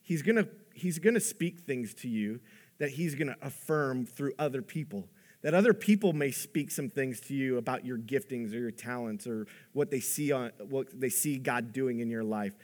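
A man preaching a sermon in an earnest, conversational way, his voice rising for emphasis and dropping low for the quiet points. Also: lively intonation, moderate pace. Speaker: pastor.

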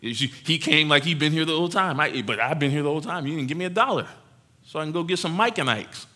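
A man voicing a resentful older brother who complains loudly and indignantly. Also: on the high side, lively intonation, fast talker, voice pushed up.

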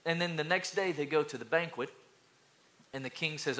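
Energetic high-voiced male pastor. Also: normal speed. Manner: energetic, calls out to congregation, builds to loud. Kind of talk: sermon.

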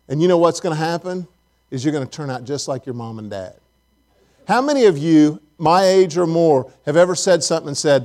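A man's voice: a little high, darkish tone. A man preaching a sermon in church, telling folksy stories and asking the congregation questions. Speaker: pastor.

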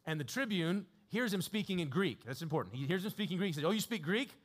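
A man delivering a sermon in a high-ish voice that sounds casual and conversational. He tells the story with frequent chuckles and hesitations. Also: animated, fast talker. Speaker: preacher.

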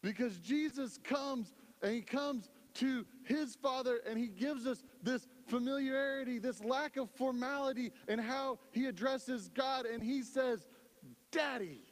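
A man's voice: very high-pitched, a little slow, big-room sound. A male pastor preaching a sermon in a conversational style, often checking in with the congregation. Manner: conversational preaching, lots of "right?".

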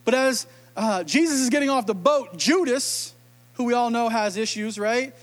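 Brief: an emotional, animated preacher with a very high voice, casual sermon. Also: male voice, moderate pace. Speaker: pastor.

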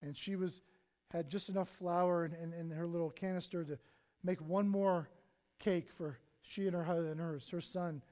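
A man preaching a sermon in earnest, his voice swelling loud and then dropping almost to a hush, acting out prayers and Bible figures as he goes. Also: fairly high pitch, steady tone, normal speed. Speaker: pastor.

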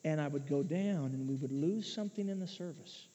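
High-voiced preacher in an echoey hall. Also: male voice, brisk. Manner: swings from hushed to shouting. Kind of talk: sermon. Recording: muffled echoey hall recording.

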